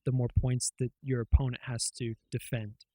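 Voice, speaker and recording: His mid-range voice is mellow and slightly rough, delivered flatly at normal speed with no room sound. He's a podcast co-host in casual conversation, rambling through retellings with many fillers and lots of swearing.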